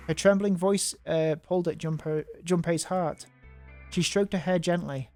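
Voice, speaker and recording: A man's voice: a little high, steady tone, normal speed, darkish tone, soft background music. A man reading a visual novel aloud, adding offhand, mocking comments and stumbling over words. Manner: casual, mocking asides and stumbles while reading. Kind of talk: reading aloud with casual asides.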